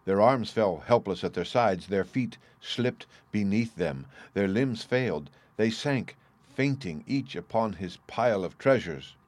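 A man narrating a storybook in a measured way, slowing down on speech tags. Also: lowish voice, lively intonation, a little mellow, no room sound.

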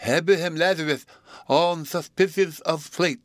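A man voicing an excitable male client who pleads with his lawyer in a storybook reading, frantic and breathless. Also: a little high, a little slow, dry recording, studio quality, voice pushed up, lightly acted. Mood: frantic pleading.

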